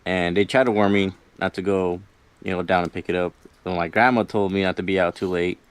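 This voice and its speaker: A man with a lowish voice tells a spooky story from his own life. His delivery is loose and rambling, packed with filler words, and he acts out what he said back then. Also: steady tone, a little fast, clean tone, dry recording. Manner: rambling, lots of "like" and "you know", quotes himself. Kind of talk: casual spoken storytelling.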